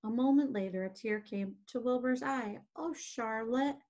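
Gentle woman reading a children's book. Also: fairly high pitch, normal speed. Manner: gentle, expressive storytelling. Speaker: read-aloud narrator. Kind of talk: children's book read-aloud.

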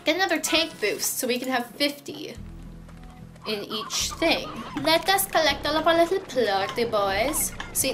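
Chatty young woman narrating a game. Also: a little high. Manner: chatty, playful, self-mocking, talks to the game creatures. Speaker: gaming YouTuber. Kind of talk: casual let's-play commentary. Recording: game music playing behind the voice.

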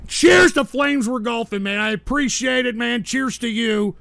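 A man's voice: extremely high pitch, a little slow, creaky, pushed and bright, no room sound. A man hosting a livestream show, reading viewer donations and ranting at trolls with irritable, profane outbursts. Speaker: host.

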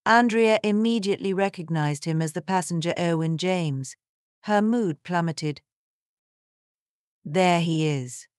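A woman narrating a scripted story in a steady, even way. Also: fairly low pitch, normal speed, smooth, no room sound, studio quality.

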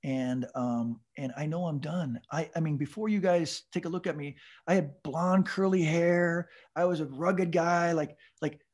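Husky, animated man telling his story. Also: on the high side, measured pace, hardly any pauses. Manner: animated, with stammered repeats and laughing asides. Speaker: podcast guest. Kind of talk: storytelling recovery testimony.

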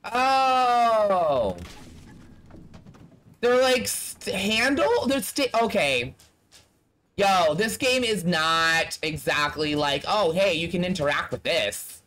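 A man's voice: high-pitched, expressive, takes it slowly, sharp tone. A man giving casual let's-play commentary, blunt and talking straight to the game characters. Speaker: gaming streamer.

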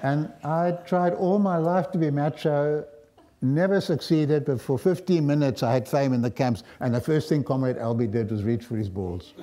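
Older South African man, mellow voice. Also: on the high side. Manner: reflective, wry, pausing often. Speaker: guest lecturer. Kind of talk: storytelling lecture.

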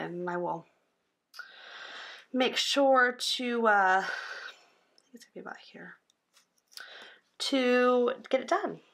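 Woman, thirties, tired and yawning, casual rambling planner vlog, soft muttered asides. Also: mid-range voice. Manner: chatty, rambling, soft asides under her breath. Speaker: planner vlogger. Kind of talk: casual chat while planning.

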